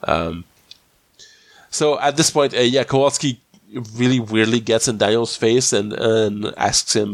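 Lowish-voiced man with a cold. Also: no echo, studio quality. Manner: rambling, halting, many restarts. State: slightly sick with a cold. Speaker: podcast host. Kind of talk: casual episode recap.

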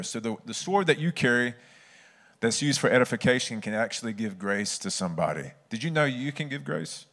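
Brief: preacher, mid-pitched male voice, earnest and chatty, telling stories from the pulpit. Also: expressive, a little fast, a bit bright. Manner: conversational storytelling, earnest. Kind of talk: sermon.

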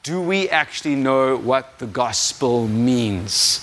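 A man's voice: medium pitch, unhurried, hardly any pauses, a bit bright, a little hiss or hum. A young adult man with a South African accent preaching an informal sermon, rambling and self-deprecating, laughing at himself often. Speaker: guest preacher.

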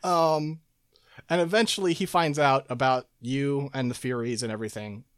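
A man in casual chat, recapping a game's story with lots of fillers, laughs and quick quoted asides. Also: mid-range voice, expressive, no room sound, studio quality. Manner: rambling, laughing, quoting characters in quick asides. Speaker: podcast co-host recapping a game.

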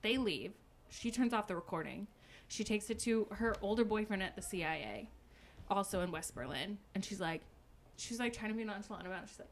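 A woman's voice: mid-range voice, brisk, a little hiss or hum. A young woman in a casual chat, animatedly retelling a book and acting out its characters' lines with lots of "like". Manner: animated storytelling, acts out characters' lines, frequent "like". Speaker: podcast co-host recapping a book.

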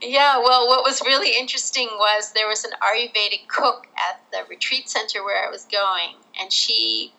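A woman's voice: a little high, fairly even intonation, normal speed, gravelly, few pauses, sharp tone, poor audio. A middle-aged woman from Australia, a guest telling her own story candidly in a casual interview, laughing through the hard parts.

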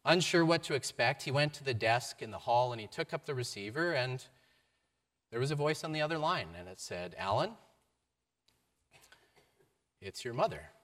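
A man giving a sermon, telling a story with varied emphasis and a mid-pitched voice. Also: expressive, fairly quick, fairly bright tone. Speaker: preacher.

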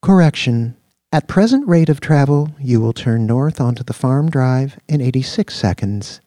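A brisk, monotone female traffic computer, formal and clipped, as a male narrator voices her. The voice is raised in pitch and loud, with a mellow tone and a dry, close sound. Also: no echo, lightly acted.

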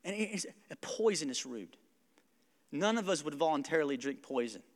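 A man's voice: a little high, animated, moderate pace, long reverb tail. A young man preaching a sermon in a church, talking casually and animatedly with frequent asides to the congregation. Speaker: pastor. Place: church sanctuary.

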